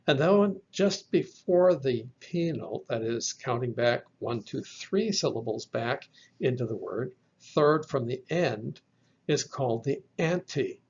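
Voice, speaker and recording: Guy teaching off slides, husky voice, dull lo-fi sound. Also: medium pitch, animated, a little mellow. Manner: slow, careful explanations with spelled-out terms. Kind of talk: slide lecture.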